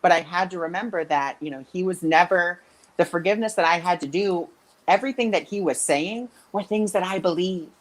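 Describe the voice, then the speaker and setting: Animated woman telling stories, lower voice. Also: fairly quick, low-quality recording. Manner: animated, acts out quoted voices. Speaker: spiritual intuitive coach. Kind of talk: casual interview storytelling.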